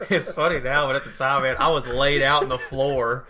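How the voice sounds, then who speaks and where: Bright-voiced guy telling a story. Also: medium pitch, fairly even intonation, normal speed. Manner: laid-back, laughs through his story. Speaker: podcast co-host. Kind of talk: casual storytelling chat.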